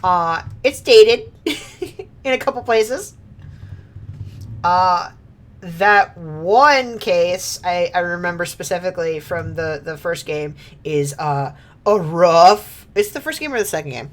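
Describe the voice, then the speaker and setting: A woman's voice: fairly low pitch, expressive, slow. A woman streamer chatting casually over gameplay, rambling with many filler words and frequent laughs.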